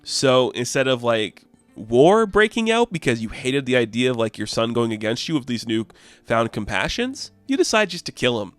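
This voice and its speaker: A man's voice: mid-range voice, very animated, normal speed, no room sound, soft background music. A man casually recapping a comic book issue, chatty and enthusiastic.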